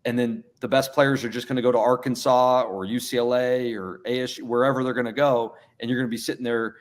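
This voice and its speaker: A man's voice: medium pitch, fairly even intonation, fast talker. A middle-aged man, a college basketball coach, giving earnest, plain-spoken interview answers and often repeating words as he thinks.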